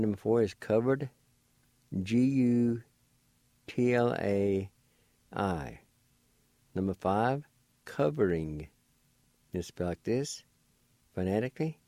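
A man teaching vocabulary in a radio lesson, spelling words letter by letter and sounding out each syllable slowly and deliberately. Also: fairly low pitch, dark tone, dry recording. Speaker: language teacher.

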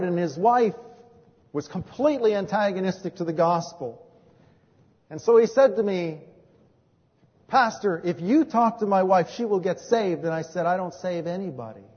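High-voiced preacher in an echoing hall. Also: male voice, slightly rough. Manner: storytelling, swings from hushed to emphatic. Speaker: pastor. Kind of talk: sermon with personal testimony. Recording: dull recording in a reverberant hall.

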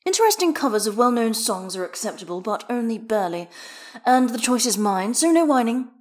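A bossy, sharp-tongued young man who always has the last word, as a woman reads him in a fan audiobook. His lines sit high and swing lively, clipped and dry. He scolds and directs without pausing. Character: sharp-tongued young male figure skater.

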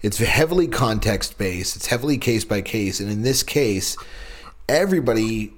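A man co-hosting a podcast in casual chat, talking in a profane, rambling, animated way. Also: fairly low pitch, moderate pace. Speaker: podcast co-host.

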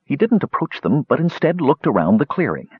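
A man narrating a fantasy story aloud in an expressive, lively reading voice. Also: mid-range voice, fairly quick, husky, no room sound. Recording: dull dry lo-fi recording.

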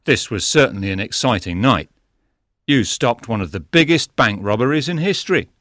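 A man reading the part of an excited male bank director in an audiobook, speaking effusively. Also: medium pitch, moderate pace, no echo, studio quality, natural voice. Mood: grateful.

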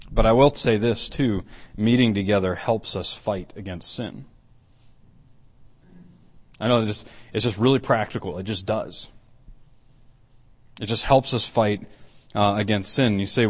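A middle-aged man, an elder preaching a conversational sermon, often repeating and restarting, then building to emphatic points. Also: on the low side.

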